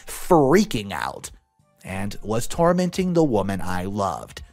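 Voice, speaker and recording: A young man narrating a story aloud in a lively, expressive way, over faint music. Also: medium pitch. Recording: dry close voice with faint music.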